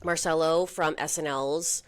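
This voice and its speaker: A young woman co-hosting a podcast in casual chat, peppering her talk with "like" and quick asides. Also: sits low, fairly even intonation, clear, resonant tone, no room sound. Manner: chatty, heavy use of "like", quick asides. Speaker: podcast co-host.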